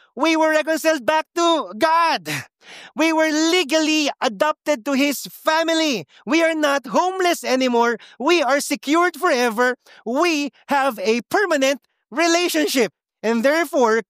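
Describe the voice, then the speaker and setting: A man, preaching a sermon at a church service in a lively way that mixes English and Tagalog. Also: very high-pitched, dry recording, studio quality. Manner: animated, switching between English and Tagalog, laughs often. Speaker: pastor.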